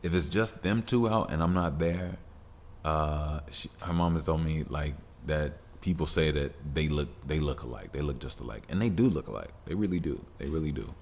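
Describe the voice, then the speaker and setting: A man's voice: rumbling low, moderate pace, darkish tone, slight background noise. A man hosting a solo podcast, talking in a rambling, laid-back way with lots of fillers and restarts. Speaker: podcast host. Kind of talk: casual solo podcast monologue.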